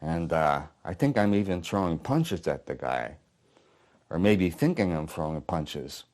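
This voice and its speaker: A man reads the part of a haunted old war veteran, gruff and working-class. His voice sits somewhat low, and he tells the story bluntly, swearing freely, in an apartment living room. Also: animated, measured pace, a little mellow. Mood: weary. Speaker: playwright reading his play aloud. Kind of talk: dramatic monologue reading.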